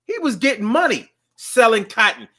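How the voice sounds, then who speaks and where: A man's voice: very high voice, expressive, moderate pace, pushed and bright. A man talking in a casual monologue, rambling along with frequent restarts and fillers.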